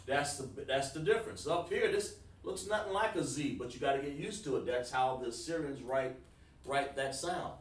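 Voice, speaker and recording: A man's voice: mid-range voice, moderate pace, roomy sound, recorded from a distance. A man teaching a Hebrew class online, casual and repetitive, calling students by name. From South Carolina, USA. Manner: informal, repeats words, talks to students by name.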